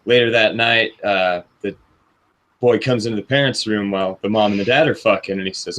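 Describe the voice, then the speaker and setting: Low-voiced man telling a joke. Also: a little fast, a little hiss or hum. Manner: relaxed storyteller, acts out the quoted lines.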